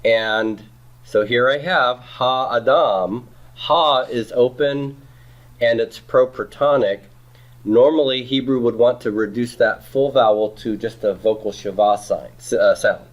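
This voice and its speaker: A man's voice: medium pitch, measured pace. A middle-aged man teaching a Hebrew grammar class, patient and often checking in with "okay?" and "right?". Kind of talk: classroom lecture.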